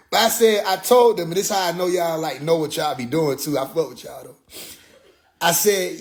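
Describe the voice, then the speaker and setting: A young man casually telling a story as a podcast host, animated and profane, acting out other people's voices now and then. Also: on the high side, moderate pace.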